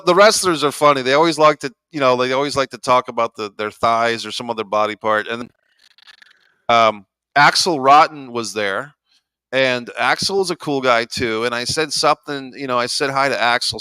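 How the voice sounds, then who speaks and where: A man's voice: medium pitch, moderate pace, sharp tone, clean tone, dry recording, poor audio. A man co-hosting a podcast, rambling through stories in a laid-back, casual way with lots of fillers. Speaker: podcast co-host. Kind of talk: casual chat.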